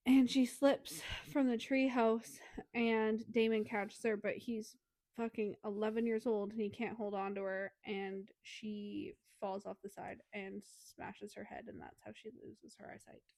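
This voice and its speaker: A woman's voice: mid-range voice, flat delivery, unhurried, darkish tone, no echo. A young woman co-hosting a podcast, casually summarizing a book scene with fillers and the odd swear word. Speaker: podcast co-host. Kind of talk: casual book review chat.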